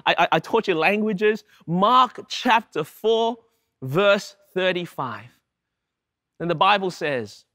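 High, bright-voiced male preacher. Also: lively intonation, moderate pace, dry recording, clean studio sound. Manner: emphatic, with repeated rhetorical questions. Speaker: pastor. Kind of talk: sermon.

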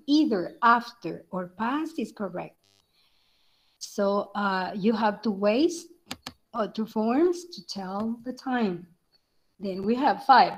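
Slow-paced woman English teacher. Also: on the high side, rough recording. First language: Spanish. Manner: slow, explanatory, checks in with "okay?". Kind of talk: online class instruction.

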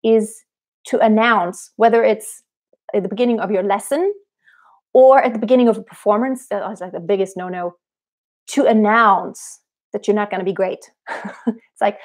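A woman vocal coach on a live stream, giving direct, earnest motivational advice and speaking up loudly to her viewers. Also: medium pitch, moderate pace, pauses often.

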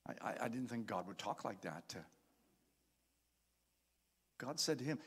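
A man's voice: mid-range voice, big pitch swings, unhurried, long pauses, a bit bright, breathy edge. A man preaching a sermon as pastor, reading scripture aloud with dramatic emphasis and calling out to the congregation. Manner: calls out to the congregation.

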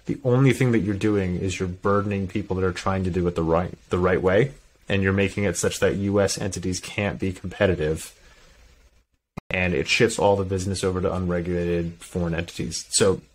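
A man with a deep, low voice co-hosting a casual podcast. He talks in an opinionated, animated way and laughs often. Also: brisk. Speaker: podcast co-host. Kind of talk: casual chat.

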